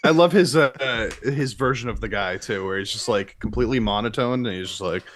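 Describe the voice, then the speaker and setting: A man co-hosting a reaction show in casual chat, teasing and animated. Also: mid-range voice, fairly quick.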